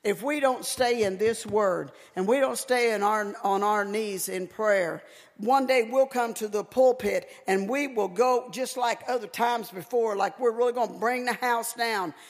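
Lady preacher giving a sermon, slow deliberate delivery, gets loud and emphatic, church sound. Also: on the high side. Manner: emphatic, folksy, rising to near-shouts. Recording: echoey hall with long reverb.

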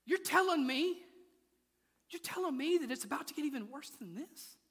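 A man's voice: very high voice, lively intonation, normal speed, a bit bright. A man preaching a sermon in a church, moving from playful asides to intense, rising appeals. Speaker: pastor. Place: church sanctuary. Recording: large hall with long reverb.

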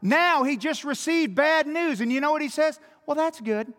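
Male preacher, high voice, emphatic sermon delivery, rhetorical questions, long hall reverb. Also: normal speed, a bit bright.

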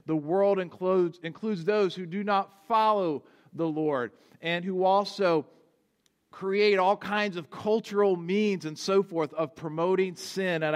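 A man preaching a sermon as pastor, explaining earnestly with small restarts. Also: high-pitched. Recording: long hall reverb.

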